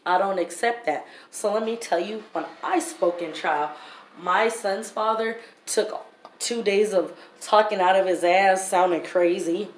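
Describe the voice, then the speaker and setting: A woman's voice: medium pitch, a little slow. A woman vlogger telling her story in a blunt, heated, profane way. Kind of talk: storytime vlog. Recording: roomy echo, faint background noise.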